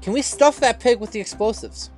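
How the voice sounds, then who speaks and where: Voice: mid-range voice, fairly quick, darkish tone, soft background music. A tabletop player joking and exclaiming in casual chat.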